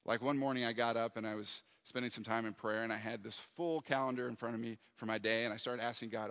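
A man's voice: mid-range voice, steady tone, fast talker, few pauses, a bit bright. Earnest male pastor in a reverberant hall. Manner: earnest and reflective, acting out prayers and dialogue. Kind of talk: sermon.

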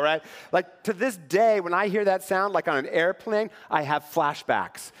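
Hombre predicador en una iglesia resonante. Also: male voice, high-pitched, moderate pace, hardly any pauses. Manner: conversational, animated, acts out quoted voices. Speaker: pastor. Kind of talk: sermon. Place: church sanctuary. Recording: long church hall reverb.

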